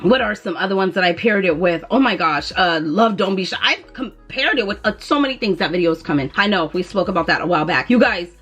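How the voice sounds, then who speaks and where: A woman's voice: medium pitch, expressive, fast talker, hardly any pauses, a bit bright, breathy edge, soft background music. A woman talking casually to camera as a fragrance vlogger, chatty and dramatic, with playful asides.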